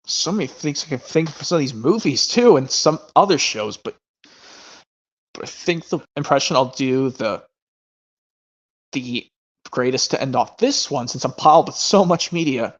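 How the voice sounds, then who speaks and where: A man hosting a casual chat stream about his movie collection, talking in a rambling way with quick asides. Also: mid-range voice, lively intonation. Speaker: stream host. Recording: lo-fi stream audio.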